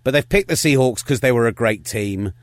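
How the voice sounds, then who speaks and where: A man's voice: medium pitch, animated, no room sound. A man co-hosting a podcast, talking sports in a casual, opinionated and wry way. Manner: opinionated, rapid-fire and wry. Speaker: podcast co-host.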